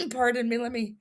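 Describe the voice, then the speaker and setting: A woman hosting a casual livestream recap, reading quotes aloud with animated emphasis and laughing often. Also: a little high. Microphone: streaming setup mic.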